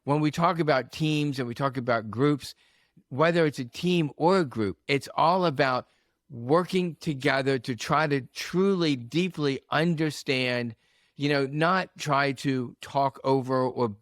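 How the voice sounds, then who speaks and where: Animated man telling coaching stories. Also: medium pitch, measured pace, dry recording, clean studio sound. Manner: storytelling, animated, acts out quotes. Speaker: coach, podcast guest. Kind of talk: casual podcast conversation.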